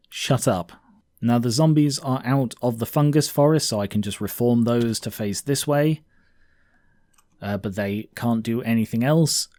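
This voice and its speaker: Low-toned man narrating a tabletop wargame. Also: warm tone, no echo, clean studio sound. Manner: casual, chatty, thinks aloud with fillers.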